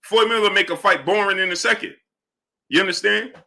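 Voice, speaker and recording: Animated bright-voiced male boxing streamer. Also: fast, vocal fry. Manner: animated, repeats "right?" and "you understand?"; low mumbled shout-outs to viewers. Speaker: livestream host. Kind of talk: live boxing commentary and chat shout-outs.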